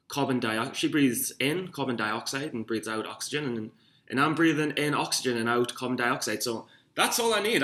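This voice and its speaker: A young man with a Geordie accent, from Newcastle, England, records a casual vlog in his room, where the sound echoes. He speaks at medium pitch in a sharp tone, rambling, swearing, and making fun of himself.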